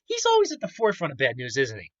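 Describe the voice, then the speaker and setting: A man's voice: mid-range voice, huge pitch swings, rapid-fire, fairly bright tone, dry recording, dull audio. A man hosting his own commentary channel, ranting in a heated, sarcastic and indignant way.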